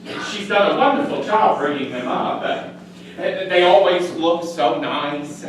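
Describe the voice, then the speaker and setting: A man's voice: high-pitched, expressive, measured pace. An actor playing a fussy, tearful newly separated man who stammers and gets sentimental on stage. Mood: wistful. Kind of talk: stage play acting. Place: stage before a live audience. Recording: echoey theater, mic far off, noisy.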